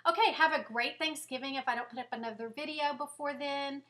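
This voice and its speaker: Bright, chatty woman vlogging from home. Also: high-pitched, fairly quick, slight background noise. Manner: rambling, chatty, self-deprecating. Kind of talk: casual chat to camera.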